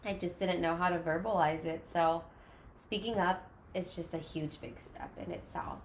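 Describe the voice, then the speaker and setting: A woman's voice: lowish voice, normal speed. Chatty woman in an echoey room. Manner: chatty, animated storytelling. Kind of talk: casual chat. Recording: echoey room, faint noise.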